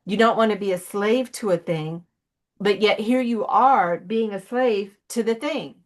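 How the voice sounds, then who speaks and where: A woman's voice: medium pitch, a little slow. Earnest woman preaching with blunt urgency. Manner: earnest, pleading, blunt, at times profane; rambling, with many fillers and restarts. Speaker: ministry coach. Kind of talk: emotional motivational preaching.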